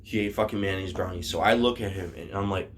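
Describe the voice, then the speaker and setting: A man telling a story on his vlog in a casual, animated way, swearing freely and often restarting his sentences. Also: low voice, fast talker, slight background noise.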